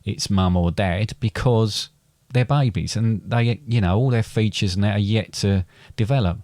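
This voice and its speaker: A man's voice: on the low side, moderate pace, mellow, no room sound, studio quality. A middle-aged man, a father and podcast co-host, chatting casually and rambling with many restarts and fillers. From England. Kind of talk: casual chat.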